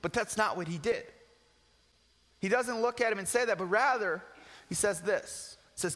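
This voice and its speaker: Bright-voiced young preacher in a big hall. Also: male voice, high-pitched, normal speed, pauses often. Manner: casual, earnest preaching with slang and repeats. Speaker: pastor. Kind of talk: sermon. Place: church sanctuary. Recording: long hall reverb.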